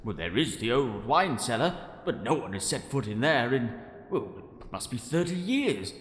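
A man narrating an audio drama in a pompous, florid manner, as a Victorian-style gentleman. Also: medium pitch, big pitch swings, normal speed, slightly rough. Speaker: storyteller and sole voice actor.

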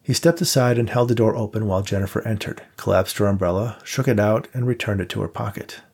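Gravelly low-voiced male narrator. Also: fast talker, darkish tone. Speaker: audiobook narrator. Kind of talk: scripted narration.

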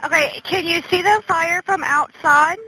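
A woman working as a 911 dispatcher, talking calmly and steadily, repeating reassurances. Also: extremely high pitch, measured pace. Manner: calm, steady, reassuring and repetitive. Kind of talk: emergency call handling. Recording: noisy archived phone call recording.

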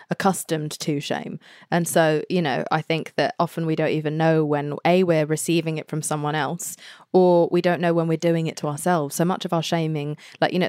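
Animated British woman, lower voice, dry sound. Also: no room sound. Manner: animated, effusive, laughs often. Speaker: podcast guest. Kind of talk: casual chat.

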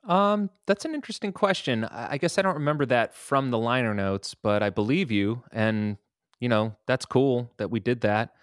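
A musician guest in a casual interview, telling laid-back stories and swearing casually. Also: male voice, medium pitch, normal speed, dry recording, studio quality.

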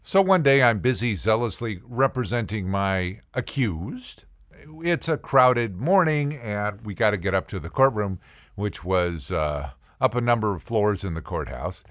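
A man's voice: lowish voice, expressive, measured pace, a bit bright, dry recording. An American man, an attorney, telling courtroom stories in a casual, wry, joking way. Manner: wry, joking, acts out quoted voices. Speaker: attorney podcast host. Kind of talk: casual storytelling monologue.

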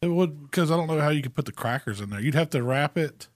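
A man, co-hosting a casual barbecue chat and calmly explaining cooking step by step. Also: on the high side, fast talker, no room sound, clean studio sound. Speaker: barbecue pitmaster co-host.

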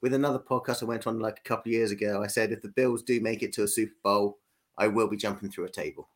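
A man's voice: lowish voice, steady tone, fast. A British man chatting casually as a podcast guest, wry and laid-back with hesitant restarts. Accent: British English. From United Kingdom.

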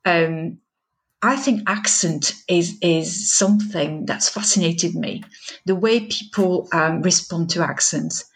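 A woman's voice: fairly low pitch, takes it slowly. A middle-aged woman educator speaking as an interview guest, thoughtful and hesitant, with many fillers and restarts. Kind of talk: conversational interview.

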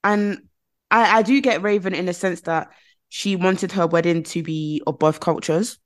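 With a fairly low voice and a measured pace, a woman from Britain chats casually on a podcast. She tells animated stories and acts out the lines of others using quoted voices.

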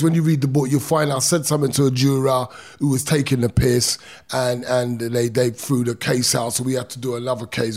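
A middle-aged man, a former boxer telling his own story in an interview, intense and emphatic, stretching words out and using street slang. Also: mid-range voice. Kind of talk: emotional personal storytelling.

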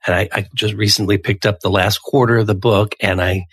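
A man hosting an interview podcast, talking casually and warmly about a book he enjoyed. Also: on the low side, flat delivery, fairly quick, husky, no echo. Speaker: podcast host.

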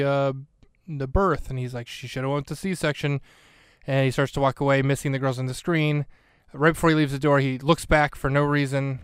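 A man's voice: medium pitch, smooth, dry recording, clean studio sound. A man hosting a casual comedy podcast who recaps a film scene by scene, cracking jokes and rambling as he goes. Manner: joking, rambling, self-interrupting. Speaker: podcast host.

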